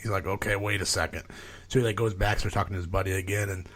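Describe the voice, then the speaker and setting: Speaking fast in a low voice, a male podcast guest rambles through a long story in casual conversation. He swears freely and packs the gaps with "like" and "you know," retelling events in an animated way.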